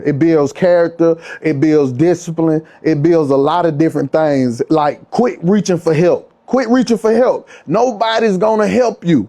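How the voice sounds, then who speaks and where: A man with a mellow, dark-toned voice sitting slightly high speaks earnestly to the listener. His pep talk stays casual and direct. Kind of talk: motivational talk.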